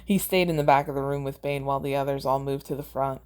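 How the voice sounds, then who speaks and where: A woman's voice: a bass voice, fairly even intonation, fast, darkish tone. A woman hosting a podcast, reading her own fan fiction aloud and chatting casually about it, laughing at her own lines.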